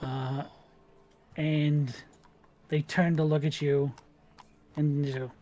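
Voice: mid-range voice, little pitch movement, takes it slowly, warm tone. A game master narrating a tabletop game in a casual, descriptive way with frequent fillers.

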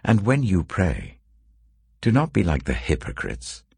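A man slowly and solemnly reading scripture aloud, with a very deep, gravelly, husky voice. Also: no echo. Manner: slow, measured, expressive reading. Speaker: scripture reader.

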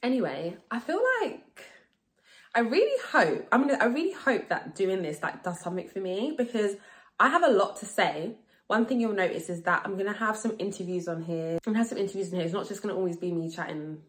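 A woman in her thirties chats alone on her podcast in a fairly low voice. She is a little tipsy, talks quickly and frankly, swears without a second thought and hammers her points home by saying them twice. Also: a bit bright. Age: 30s. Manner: fast, frank, swears freely, repeats for emphasis. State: slightly tipsy. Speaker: podcast host. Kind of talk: casual solo podcast chat.

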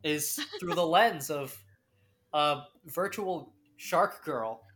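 A woman cohosting a casual podcast, playful and quick with reactions. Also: deep voice, fairly bright tone. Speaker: podcast co-host. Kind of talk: casual chat.

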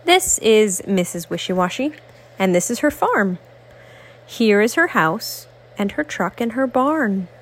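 A woman reading a picture book aloud to a child, slow, sing-song and expressive. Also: mid-range voice.

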